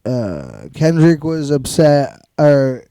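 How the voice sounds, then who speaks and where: Podcast guy rambling and cussing, kinda mellow voice, dry room. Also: a little high, big pitch swings, slow, no echo. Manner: rambling, profane, laughs often. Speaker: podcast co-host. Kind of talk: casual chat.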